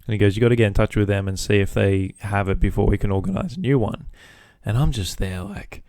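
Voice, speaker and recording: A man with a warm, lowish voice and a quick pace hosts a podcast, recounting his workday with swearing. He acts out both sides of phone calls, and the audio is dry and studio quality.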